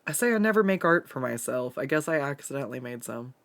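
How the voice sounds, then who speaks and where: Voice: mid-range voice, expressive, fast, fairly bright tone. A streamer from the Pacific Northwest chatting casually while drawing and reading chat aloud, swearing freely and laughing often.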